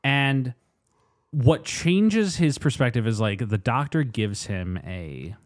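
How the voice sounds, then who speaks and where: A man in casual podcast chat, his pitch swinging widely as he talks. He jokes a lot and slips into teasing impressions, at a middle pitch. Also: slow. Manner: lively, jokey, drops into mocking voices. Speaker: podcast co-host. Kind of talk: casual movie review chat.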